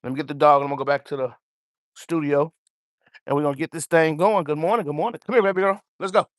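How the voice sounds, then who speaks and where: A fast-talking man with a slightly high voice and fairly even intonation hosts a casual livestream from his home basement studio, with no mic, just room sound. He chats with his viewers and his dog, sounding a little out of breath.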